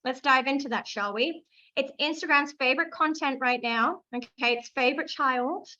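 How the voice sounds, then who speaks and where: A high, bright-toned Australian woman teaches a live online masterclass as a social media coach. She is eager, hammers key phrases by repeating them, and keeps calling on the chat. Her voice comes through slightly dull, lo-fi livestream audio. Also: moderate pace.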